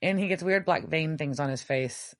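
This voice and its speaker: A young adult woman co-hosting a podcast recaps a TV episode in casual conversation. She tells it as an animated storyteller full of wry asides, speaking at normal speed in a low voice.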